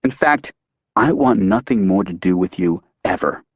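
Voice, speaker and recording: A man's voice: low-pitched, expressive, moderate pace, vocal fry, breathy edge, no room sound, highs cut off, full character voice. A man reading an audiobook, voicing an angry, betrayed woman who answers curtly and coldly. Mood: cold anger.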